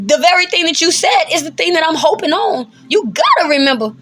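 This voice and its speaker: A woman teaches scripture in an emphatic, preacherly way. Her voice sits high and sounds bright and forceful. She talks colloquially and laughs often between points. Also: a little fast, hardly any pauses. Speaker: bible teacher.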